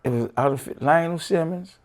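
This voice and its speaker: A middle-aged man with a Washington DC accent, telling an animated story in casual chat, stumbling over repeated words and acting out quoted voices. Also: fairly high pitch, moderate pace. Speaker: guest.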